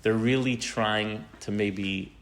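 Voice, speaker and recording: A rabbi giving an informal, animated talk to teenagers. He tells a story and often asks the audience questions. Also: lowish voice, slow pace, a little hiss or hum. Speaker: rabbi teaching teens.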